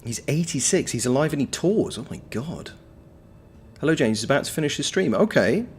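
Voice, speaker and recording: A man and voice actor giving live-stream gameplay commentary, swearing freely as he yells at the game and chats with viewers. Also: mid-range voice, brisk, a little hiss or hum. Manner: animated, swears freely, talks to the game and to chat.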